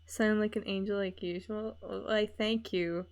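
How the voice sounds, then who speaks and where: A woman's voice: medium pitch, fairly even intonation, moderate pace. A young woman from Scotland who streams, chatting casually while she draws and laughing often between sentences.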